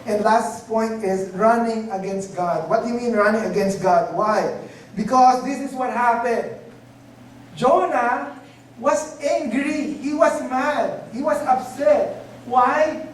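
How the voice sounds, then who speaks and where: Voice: medium pitch, slow, slight background noise. A pastor preaching a sermon, asking rhetorical questions and dropping Tagalog asides into English. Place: church hall. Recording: echoey hall, distant mic, faint ambience.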